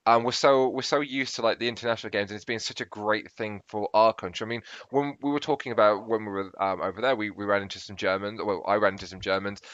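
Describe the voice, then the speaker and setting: A man's voice: lowish voice, fairly even intonation, fast, few pauses, a bit bright, dry recording, lo-fi sound. A British man co-hosting a podcast, chatting casually, rambling and interrupting himself with apologies. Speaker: podcast co-host. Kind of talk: casual chat.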